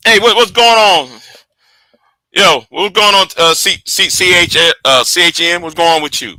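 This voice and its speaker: A man hosting a casual livestream, rambling with repeated words, profanity and quiet trailing asides. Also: high voice, normal speed. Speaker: livestream host.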